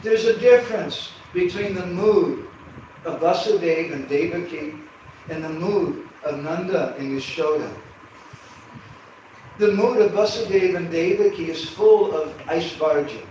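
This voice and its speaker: A man tells a devotional story with lively pacing and joking asides. His voice sits somewhat high. It carries from a distance through a very reverberant hall over a steady hum. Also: measured pace, highs cut off. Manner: animated storytelling with humorous asides. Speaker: storyteller speaker. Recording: echoey hall from far off, background hum.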